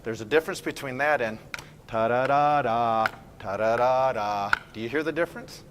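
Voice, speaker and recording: A man leading a school band rehearsal, giving brisk, encouraging directions, counting off and singing phrases to show how they should sound. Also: mid-range voice, noisy background. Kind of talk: ensemble rehearsal instruction.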